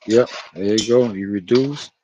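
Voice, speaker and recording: A man's voice: lowish voice, a little slow, muffled recording, noisy background. A man with a Florida accent chatting loosely while he cooks, rambling, laughing and swearing as he goes. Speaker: home cook. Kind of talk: casual cooking vlog talk.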